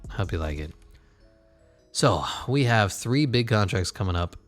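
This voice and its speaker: A man's voice: fairly low pitch, expressive, unhurried, faint music behind. A man commentating his basketball video game in a casual, sarcastic way, swearing and muttering asides. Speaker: gaming channel host.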